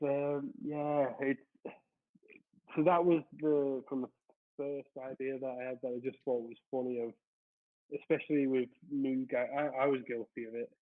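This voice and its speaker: A man speaking as a guest in a casual interview, relaxed and hesitant, pausing often to search for words. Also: mid-range voice. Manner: relaxed, hesitant, many fillers. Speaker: comic artist guest. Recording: tinny call-in line.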